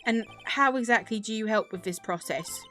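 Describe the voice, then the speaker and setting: A woman's voice: fairly high pitch, moderate pace, a bit bright, faint music behind, natural voice. Woman playing a cool, dry young prosecutor.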